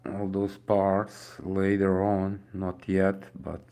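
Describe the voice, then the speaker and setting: A tired, yawning young man with a Dutch accent talks his way through a mobile racing game, thinking aloud to his viewers. His voice sits somewhat low, and he speaks in an unhurried drawl. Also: completely flat delivery, warm tone. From Netherlands. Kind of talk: casual gameplay commentary.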